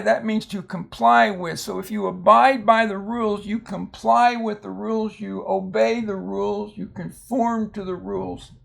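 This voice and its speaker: An older man tutoring reading, explaining word meanings in a slow, patient way with frequent ums and restarts. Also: sits high, creaky. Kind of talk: phonics lesson.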